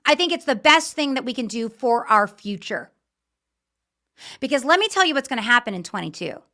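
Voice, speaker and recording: A woman's voice: on the high side, sing-song, brisk, sharp tone. A middle-aged woman hosting a political talk show, ranting in fiery, impassioned commentary.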